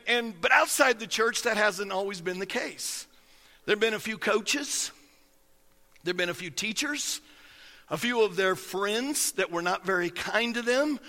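High, bright-voiced pastor preaching. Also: male voice, in a large hall. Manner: folksy, storytelling, emphatic preaching. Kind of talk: sermon.

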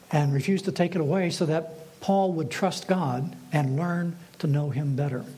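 A man with a somewhat high voice delivers a sermon at an even, deliberate pace. He asks his listeners questions and lets them sit. A light background hiss runs under the recording. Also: rough recording. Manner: measured preaching with rhetorical questions. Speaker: pastor.

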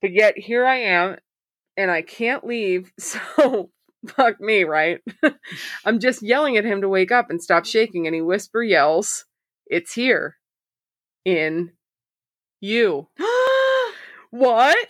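A woman's voice: mid-range voice, measured pace, a bit bright, no echo, studio quality. A woman hosting a podcast, reading listener stories aloud in a casual way, swearing freely and laughing often. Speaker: podcast host.

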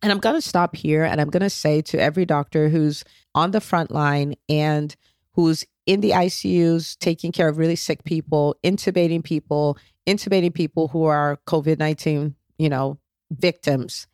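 A woman's voice: low voice, fairly even intonation, moderate pace, a little mellow, clear, resonant tone, dry recording, studio quality. A woman hosting a motivational solo podcast, coaching listeners directly and checking in with frequent "okay?"s, with an encouraging, faith-based tone. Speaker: podcast host.

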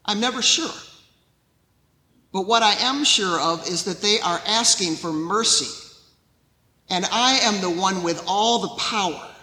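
A man preaching a sermon as pastor, in a measured storytelling way. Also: high voice, sharp tone, reverberant, in a large hall, low-quality recording.

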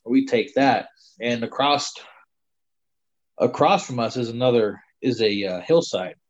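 In a medium-pitched voice and at a slightly slow pace, a middle-aged man tells a long hunting story from his life. He is a guest storyteller in casual conversation, wandering along with many fillers, and the lo-fi recording is slightly dull.

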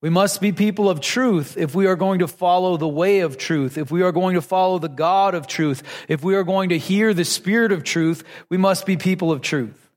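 Male pastor, preaching a sermon, fairly high voice, long reverb of a church hall. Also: moderate pace, a little mellow. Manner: rhetorical questions to the congregation, repeating lines for emphasis.

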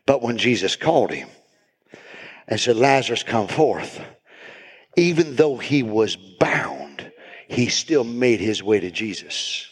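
A man preaching a sermon as pastor, building to shouted, repeated emphasis. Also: on the low side, animated, slow, husky. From United States. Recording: reverberant hall.

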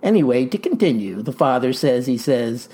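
An actor playing a folksy farmer pitching a tonic in a comic ad, with verbose, showman's patter. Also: very animated, moderate pace, mellow, lightly acted. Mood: boastful pitch. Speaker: pitchman in a mock radio ad. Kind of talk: comic radio ad acting.

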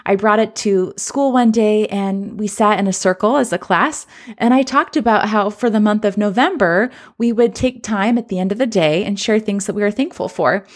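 A woman's voice: medium pitch, moderate pace. Earnest woman telling a classroom story. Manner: earnest, reflective, re-enacts children's voices. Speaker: former teacher turned coach and trainer. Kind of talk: personal storytelling podcast.

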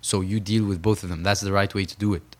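A man's voice: lowish voice, fairly even intonation, very fast. A young man from Saudi Arabia, a podcast guest telling his story in an earnest, emphatic way and repeating phrases for stress. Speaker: podcast guest, professional boxer.

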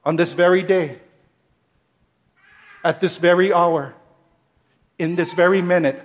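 A man preaching from the pulpit in a high voice, taking his time over every phrase. He repeats lines in a steady rhythm, climbing to emphatic peaks before sinking back to a soft close. The delivery is measured and deliberate. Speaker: pastor. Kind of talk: sermon.

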